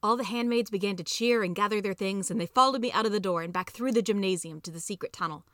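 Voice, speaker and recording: A woman reading a story aloud as the regular narrator of a podcast, in steady, plain narration. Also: medium pitch, fast, no echo. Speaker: podcast reader.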